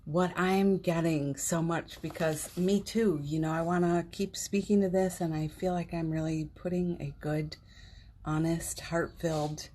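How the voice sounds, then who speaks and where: A woman's voice: low voice, warm tone, breathy edge. A woman hosting a home livestream, talking in a heartfelt, rambling way with many fillers and restarts. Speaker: livestream host. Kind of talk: casual inspirational livestream talk. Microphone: phone on a live stream.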